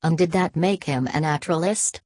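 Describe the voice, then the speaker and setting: Lady narrator doing a clipped quiet gent, low and dry. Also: normal speed, no echo. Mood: reserved.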